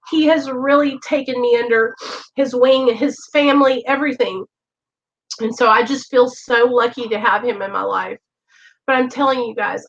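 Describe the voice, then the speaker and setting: A woman hosting a recovery livestream, talking earnestly and emotionally straight to her viewers. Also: on the high side. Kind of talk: heartfelt direct-to-camera talk. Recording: dull lo-fi recording.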